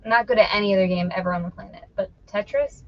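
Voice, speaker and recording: A middle-aged woman hosts a casual reselling live stream, chatty and playful as she teases her viewers. Her voice sits at an ordinary pitch. The recording sounds a little dull and muffled. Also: fast. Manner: chatty, playful, teasing the audience. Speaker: host of an online reselling show. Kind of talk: casual live-stream chat while listing items.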